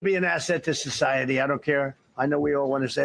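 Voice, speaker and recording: A man's voice: mid-range voice, fairly even intonation, quick pace, vocal fry, a bit bright. A man giving remarks at a press conference, rambling and emphatic with lots of repetition.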